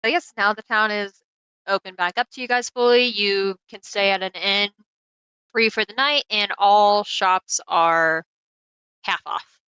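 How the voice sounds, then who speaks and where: A woman's voice: medium pitch, measured pace, pushed and bright, clear, resonant tone, dry recording, low-quality recording. A woman narrating as game master in a casual tabletop role-play session, talking loosely with many fillers.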